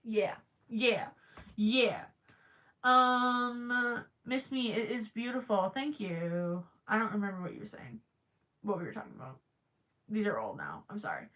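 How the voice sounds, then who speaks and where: A woman's voice: mid-range voice, lively intonation, a little slow, fairly bright tone. A woman hosting a crochet live stream, chatting casually and thinking aloud with stammering restarts, her voice cracking after hours of talking. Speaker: crochet livestream host.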